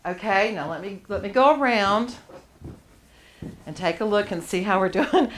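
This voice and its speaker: A woman's voice: mid-range voice, moderate pace, a little hiss or hum. A woman teaching a live charcoal drawing class to students, encouraging them and laughing often as she works. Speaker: art teacher.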